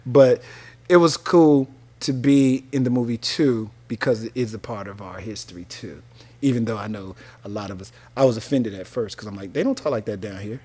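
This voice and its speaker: A man in his fifties from North Carolina spins stories from his radio days in a relaxed sit-down interview. He talks in an easy, slangy way, laughing as he goes, at a middle pitch that rises and falls freely. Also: normal speed. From North Carolina, USA. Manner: animated, laughing storyteller using casual slang. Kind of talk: casual interview storytelling.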